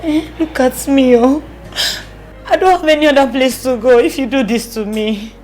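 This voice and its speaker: An actress playing a tearful young wife with a Nigerian accent, softly begging her friend to keep her secret. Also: high voice, normal speed, faint music behind, close to an everyday voice. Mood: pleading. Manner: pleading, tearful, soft.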